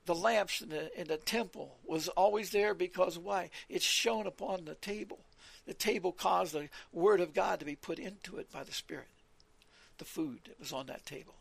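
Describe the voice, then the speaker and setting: A man's voice: high-pitched, normal speed, vocal fry, husky, no room sound. A man giving an earnest Bible teaching in a sermon style, reading verses aloud and often repeating his words. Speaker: preacher.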